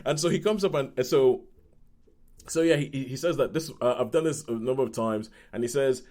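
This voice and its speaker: A man co-hosting a podcast, his voice sitting at an average pitch. He rambles through a film review in a loose, casual way. He restarts his sentences often and acts out quotes from the film. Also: a little fast, a little mellow. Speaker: podcast co-host.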